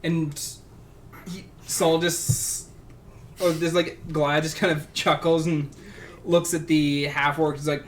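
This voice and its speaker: A man narrates a tabletop game as its game master, his voice sitting a little high for a man. He talks in halting bursts padded with fillers and restarts. A faint hiss runs under the recording. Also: flat delivery. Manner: halting, filler-heavy description. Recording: faint background noise.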